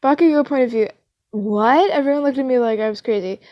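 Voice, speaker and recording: A woman's voice: high-pitched, rapid-fire, no room sound, highs cut off. A young woman reading a fanfiction story aloud, breaking off into rambling, giggly asides full of fillers. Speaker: fanfiction reader.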